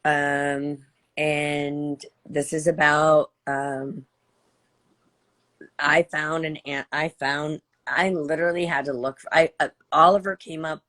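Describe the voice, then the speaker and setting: A woman's voice: low-pitched, level tone, slow pace, fairly bright tone. An older woman chatting emotionally on a live stream, gushing and rambling with many restarts. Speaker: livestream host.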